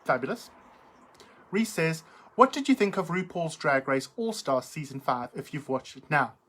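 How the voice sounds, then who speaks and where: Camp hostess doing a live chat, lowish voice, giggly and theatrical, reads out comments. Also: female voice, animated, normal speed, a bit bright, breathy edge. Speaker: livestream host. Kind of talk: casual live chat reading viewer comments.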